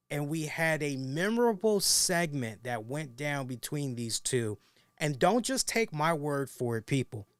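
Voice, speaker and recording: A man's voice: mid-range voice, clean tone, no room sound. A man hosting a wrestling review show, talking casually and animatedly straight to his viewers, often restarting his sentences.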